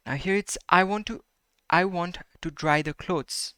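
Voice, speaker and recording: A man teaching a Spanish grammar lesson, his voice bright and forceful and recorded up close with a dry sound. He repeats each example slowly and keeps checking in with "right?" and "okay?". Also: fairly high pitch, clean tone, no room sound.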